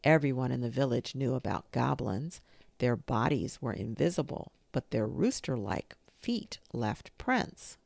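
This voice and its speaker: A woman reading a children's storybook aloud in a slow, expressive manner. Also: rumbling low, gravelly, no room sound. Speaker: narrator.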